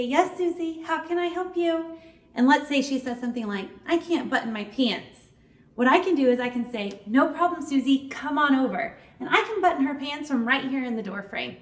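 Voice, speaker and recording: A woman giving a clear, step-by-step staff training talk, acting out small examples as she explains. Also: high voice, echoey room. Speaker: children's ministry trainer. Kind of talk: instructional training video.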